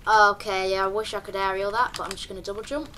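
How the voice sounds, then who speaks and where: A young woman, chatting through live gameplay commentary with sudden excited yelps and calls to her teammates. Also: mid-range voice, fast talker, slight background noise. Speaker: streamer.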